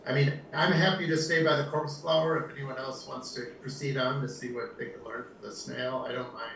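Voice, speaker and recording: A man's voice: medium pitch, fairly even intonation, brisk, creaky, a bit bright, a little hiss or hum. A man playing a tabletop game, talking politely and a little rambling. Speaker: player. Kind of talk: casual tabletop play. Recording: roomy, distant home recording.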